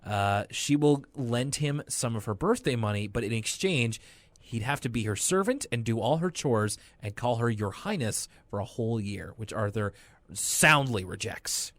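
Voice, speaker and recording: A young adult man co-hosting a podcast, recapping a cartoon episode in a rambling, animated way with lots of fillers. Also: mid-range voice, moderate pace, no room sound. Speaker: podcast co-host. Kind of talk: casual chat recapping a cartoon.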